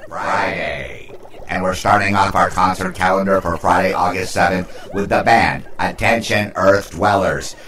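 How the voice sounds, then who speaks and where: A man's voice: low voice, a bit bright, roomy sound, distant mic, a little hiss or hum. A man voicing an alien announcer who addresses Earth dwellers in a mock-grand way, repeating words for effect.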